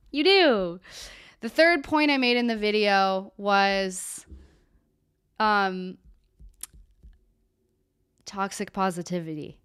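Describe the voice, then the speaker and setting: A woman talks to her viewers on a live stream in a candid, animated, chatty way, now and then with a casual swear. Her voice is smooth and clear, at a middle pitch, and the sound is dry and close. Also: no echo. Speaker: therapist hosting a live Q&A.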